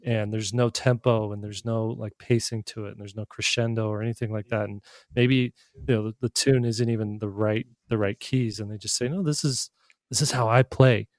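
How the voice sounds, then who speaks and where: A man, an art instructor, talking casually in a podcast discussion, relaxed and conversational. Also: fairly low pitch, fairly quick, no room sound, clean studio sound.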